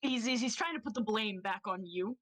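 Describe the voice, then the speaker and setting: A woman's voice: fairly high pitch, fairly quick, fairly bright tone, poor audio. Giggly woman running a tabletop game. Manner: casual, giggly, loose and rambling. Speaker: game master.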